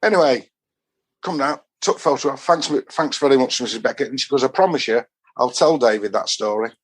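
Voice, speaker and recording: A man's voice: mid-range voice, lively intonation, a little fast, breathy edge. A man from Doncaster with a Yorkshire accent, a football fan guest telling long rambling anecdotes and acting out what people said to him. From Doncaster, England. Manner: rambling storyteller who acts out quoted dialogue.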